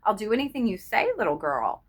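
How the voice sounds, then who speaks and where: A woman voicing a doting, anxious husband who talks gently and reassuringly in a slightly husky tone. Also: mid-range voice, sing-song, fairly quick. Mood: tender.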